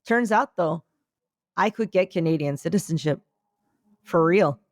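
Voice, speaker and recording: A woman's voice: lowish voice, unhurried, dry recording, studio quality. A woman podcast co-host with an occasional Philadelphia accent, telling rambling stories in casual chat. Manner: rambling storyteller, many restarts.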